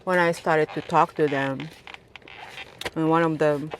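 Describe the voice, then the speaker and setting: A woman's voice: sits low, fairly even intonation, unhurried, a little hiss or hum. A woman from Japan, a cab driver, telling a casual story with many fillers and restarts.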